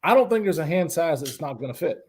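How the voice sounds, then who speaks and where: A man appearing as a guest on a casual live stream, easygoing and quick to laugh, talking in loose, rambling sentences. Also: fairly high pitch, expressive, a little mellow, husky. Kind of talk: casual livestream chat.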